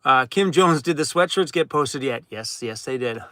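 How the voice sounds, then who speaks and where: A man's voice: medium pitch, expressive, moderate pace, pushed and bright, dry recording. A man hosting a casual livestream from inside his van, reading out viewer comments, worn out and laid-back, chuckling often and talking while chewing. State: tired, worn out. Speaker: van life vlogger hosting a live chat.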